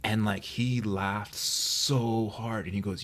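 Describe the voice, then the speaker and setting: A podcast co-host from New Mexico tells stories in a low, husky voice. He keeps his listeners close, checking in often with "you know what I mean?" The delivery is relaxed and conversational. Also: moderate pace, few pauses. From New Mexico, USA. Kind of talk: casual chat, storytelling.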